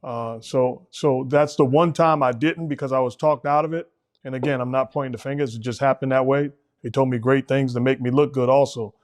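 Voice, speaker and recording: A man's voice: medium pitch, fairly even intonation, a little fast. A middle-aged man hosting a casual basketball talk show, speaking emphatically and repeating words when he presses a point. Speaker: host, former coach.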